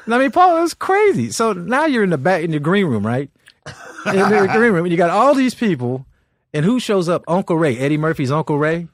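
Animated, laughing male comedian storyteller. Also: sits high, brisk, no room sound. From Los Angeles. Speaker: guest comedian. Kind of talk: storytelling on a podcast.

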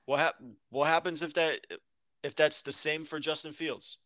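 Podcast co-host, male, bright forceful tone, slightly high, stop-start delivery. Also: level tone, no room sound. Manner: halting, repeats his words while thinking. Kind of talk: casual sports debate.

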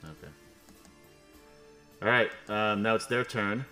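A man's voice: fairly low pitch, slow, bright, forceful tone, soft background music. A man acting as game master, narrating a tabletop game in a loose, thinking-aloud way.

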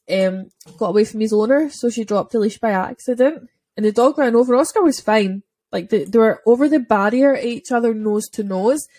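A young Scottish woman chats casually on a podcast, her voice pitched a little high. She tells lively stories, slipping into quick voices and swearing freely. The sound is close and dry, with no room around her. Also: dry recording. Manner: animated storytelling, acting out voices, swearing. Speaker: podcast host, dog trainer. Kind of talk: casual chat.

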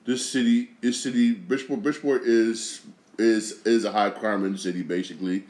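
A man's voice: fairly low pitch, steady tone, moderate pace, a little mellow, reverberant. A man hosting his own podcast, rambling casually, repeating phrases and swearing freely as he talks. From Connecticut. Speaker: podcast host. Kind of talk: casual solo podcast monologue.

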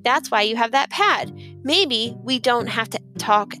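A woman voicing a big shy boy who talks haltingly and hopefully in a storybook reading. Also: fairly high pitch, expressive, pushed and bright, faint music behind. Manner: stammering, hopeful.

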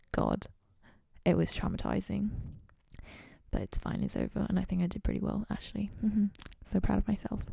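A young woman chatting casually and rambling on her own show, self-mocking and drifting into soft whispery asides. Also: mid-range voice, gravelly, no room sound, studio quality. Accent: playful put-on accent. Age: young adult. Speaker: university student podcaster. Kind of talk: casual solo chat.

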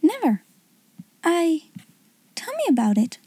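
A woman's voice: very high voice, wildly swooping pitch, slow pace, dark tone, dry recording, pitched above the performer's own voice, exaggerated voice. A woman voicing a shy, awestruck young schoolgirl in a breathless whispered role-play. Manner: breathless, timid, wide-eyed.

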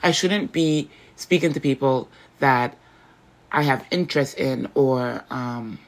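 A woman's voice: a bass voice, slow. A woman hosting a faith podcast, talking in an earnest, rambling way and often correcting herself mid-sentence. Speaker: podcast host.

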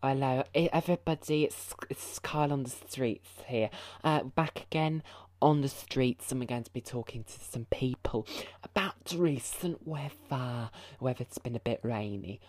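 A man's voice: mid-range voice, normal speed, darkish tone, no room sound, close to an everyday voice. A man voicing an awkward male street reporter who talks hesitantly and half in a whisper, in an improvised comedy sketch.

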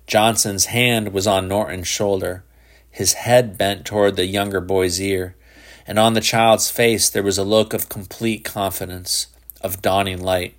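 A man reading a literary short story aloud in a measured, even narration. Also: deep voice. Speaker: audiobook narrator.

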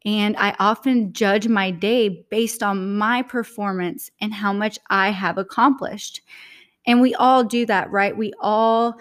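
Woman host, spiritual podcast monologue, heartfelt and earnest, mid-pitched voice. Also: steady tone, a little slow.

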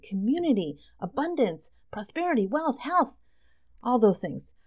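A woman hosting a solo podcast, reading tarot cards and talking in an excited, effusive way. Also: mid-range voice, moderate pace. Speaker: podcast host.

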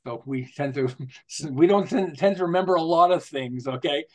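This marketing consultant, 60 or older, guests on a podcast with a voice on the high side and a moderate pace. His storytelling is relaxed and conversational, full of lively jokes, anecdotes, and frequent laughter.

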